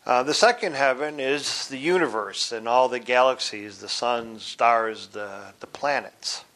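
This man's mid-range voice is a bit bright as he teaches the Bible deliberately, explaining as he goes and spelling words out letter by letter.

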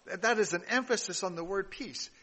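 A man's voice: sits high, normal speed, fairly bright tone, slightly rough, long reverb tail. A man giving a sermon, reading scripture aloud and adding casual asides, with some restarts along the way. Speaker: pastor.

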